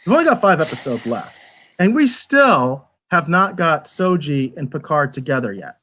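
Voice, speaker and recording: Animated, rambling man reviewing a show. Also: a little high, moderate pace, a little hiss or hum. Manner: animated, rambling with many restarts. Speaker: podcast co-host. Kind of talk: casual review chat. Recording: live online show.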